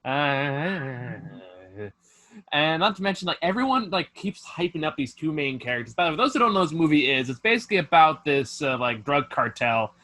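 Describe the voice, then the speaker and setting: A man hosts a loose film review chat over a video call. His talk is animated and sprinkled with swearing and filler words. He mocks what he describes with exaggerated emphasis. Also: a little high, fairly quick. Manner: profane, animated, filler-heavy, mocking. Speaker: host.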